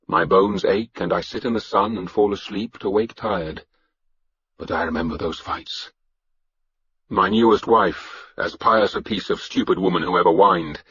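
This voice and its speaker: Man, husky and breathy, lowish voice, first-person audiobook narration, measured and grave. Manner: measured, grave storytelling with shouted battle cries. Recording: dull lo-fi audiobook recording.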